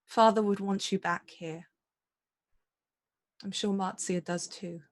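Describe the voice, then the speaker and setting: A woman's voice: medium pitch, fairly even intonation, slow, close to an everyday voice. A woman voicing Mara, a grieving noblewoman who speaks earnestly and apologetically to her estranged younger sister, in a tabletop role-play. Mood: remorseful.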